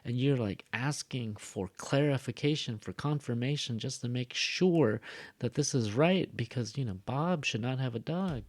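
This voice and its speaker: A man's voice: mid-range voice, moderate pace, no room sound. Casual male ESL teacher who acts out example lines and jokes between them. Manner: demonstrates sentences aloud and jokes around. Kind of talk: casual classroom explanation.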